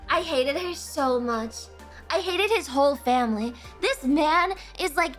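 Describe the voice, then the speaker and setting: A woman hosting a casual live stream, chatting with viewers in an animated, profane, ranting way, often breaking into laughter. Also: sits high, unhurried, soft background music. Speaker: livestream host.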